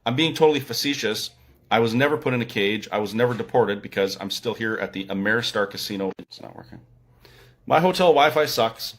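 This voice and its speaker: A man's voice: lowish voice, expressive, fairly quick. Opinionated Canadian man livestreaming from a hotel. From Alberta, Canada. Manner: opinionated, sarcastic, emphatic. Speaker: livestream host. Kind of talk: casual livestream monologue. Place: hotel room.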